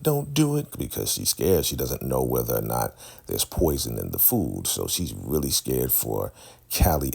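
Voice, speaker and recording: Very deep, gravelly man recapping. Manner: animated storytelling, acts out characters. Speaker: show recap host. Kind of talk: casual recap narration.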